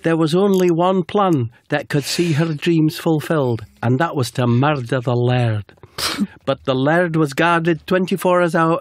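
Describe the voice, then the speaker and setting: A man co-hosting a comedy podcast, telling an absurd tale in a deadpan way and chatting with hesitant fillers. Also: on the high side, dry recording, studio quality. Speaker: podcast co-host. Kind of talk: comic storytelling and casual chat.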